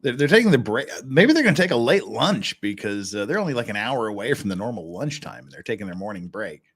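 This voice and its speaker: A man's voice: mid-range voice, big pitch swings, fast, husky. A man hosting a casual livestream, chatting and joking with frequent restarts. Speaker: livestream host.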